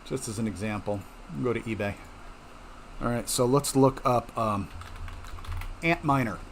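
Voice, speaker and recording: A man's voice: mid-range voice, measured pace, slight background noise. A middle-aged man hosting a home mining channel, talking casually and reassuringly to viewers and checking in with them often. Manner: chatty, reassuring, frequent "okay?" check-ins. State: coughing at times. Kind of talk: casual explanatory talk to viewers.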